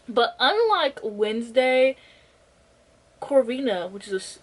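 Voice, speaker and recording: A woman's voice: fairly high pitch, sing-song, a little slow, poor audio. A young woman giving a casual rant review of a book, blunt and sarcastic and swearing freely.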